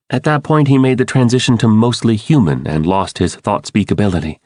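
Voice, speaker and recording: A man's voice: fairly low pitch, fairly quick, few pauses, a little mellow, dry recording. A man giving urgent, dramatic first-person audiobook narration into a close studio mic.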